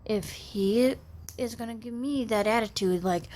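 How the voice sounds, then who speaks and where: Slow-talking aggrieved woman in her thirties. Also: a little high, a little mellow. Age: 30s. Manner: rambling and aggrieved, with restarts. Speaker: vlogger. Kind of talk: personal venting vlog.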